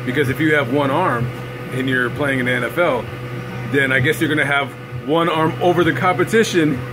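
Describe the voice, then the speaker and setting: A man's voice: mid-range voice, noisy background. A man ranting casually into his camera, sarcastic and mocking, laughing at his own jokes. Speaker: vlogger.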